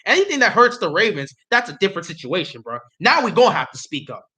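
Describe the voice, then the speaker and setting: High, bright-voiced excitable man. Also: quick pace. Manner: excitable, pleading and repeating himself. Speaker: livestreamer reacting to the draft. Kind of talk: casual live reaction chat.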